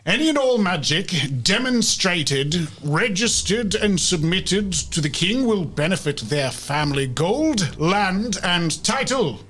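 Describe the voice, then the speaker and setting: A stern army captain with a strong, carrying voice, as a man puts him on for a tabletop game. He declaims each phrase slowly and formally, pitched higher than his speaker's usual talk, and it swings up and down with ceremony. It sounds like an official announcement made to a crowd. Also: very animated, a bit bright, exaggerated voice. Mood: proclaiming. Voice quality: strong, commanding. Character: male army captain proclaiming a royal decree. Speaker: game master voicing a character.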